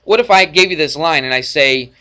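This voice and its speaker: A male math teacher lecturing a class in a classroom, energetic and jokey, often checking in with the students. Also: on the high side, fairly quick. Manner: energetic, jokey, asks frequent check-in questions.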